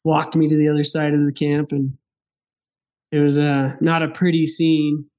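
A man telling a hunting story in casual chat, animated, laughing and acting out the dialogue of the people in it. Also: a little high, normal speed. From Wyoming. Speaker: podcast guest.

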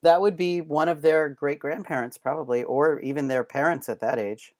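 Podcast co-host, casual chat, short agreements and relaxed explanations. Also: mid-range voice, moderate pace. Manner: brief agreeing interjections and easy explanations.

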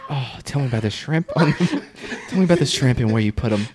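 A man's voice: mid-range voice, animated, fast talker, very noisy. A man calling in, eager and stammering, giggling as he asks for requests. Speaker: caller. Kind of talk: comedy sketch.

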